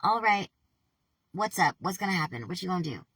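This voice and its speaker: A woman talks straight to her camera in a casual vlog, her voice low-set, gravelly and bright. She swears constantly and sounds keyed up. She sits back from the microphone in a dry, dead room. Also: very fast, no room sound, recorded from a distance, poor audio. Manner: heavy swearing, animated and worked-up. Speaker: vlogger.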